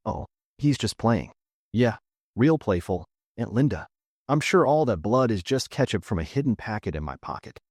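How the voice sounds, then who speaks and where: A man's voice: lowish voice, no echo. Guy reading a reddit story, sarcastic, lots of ups and downs, dry close mic. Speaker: narrator. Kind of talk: scripted narration of a reddit story.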